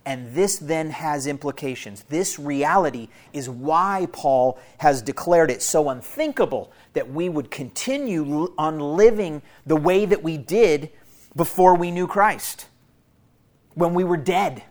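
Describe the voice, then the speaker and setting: A man's voice: fairly high pitch, unhurried, a little mellow. Male pastor, sermon, earnest teaching tone, repeats key phrases, speaks to the congregation as family. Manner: addresses listeners directly as church and family.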